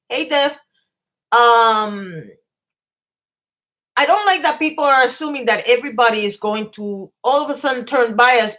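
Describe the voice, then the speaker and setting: A woman's voice: fairly high pitch, fairly bright tone. A woman hosting a casual live stream from her bedroom, ranting bluntly with swearing and greeting viewers between points. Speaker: commentary channel host.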